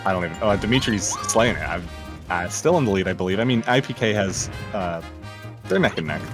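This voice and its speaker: Man co-caster, low voice, lively delivery, music behind. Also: brisk. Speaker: co-commentator. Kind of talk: casual game commentary.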